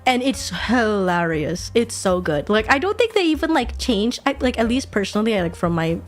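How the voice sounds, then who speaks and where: Woman, streamer, casual chat, swears a lot, lively, fairly high voice. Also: moderate pace, soft background music. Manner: animated, swears a lot, laughs often. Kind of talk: casual chat while drawing.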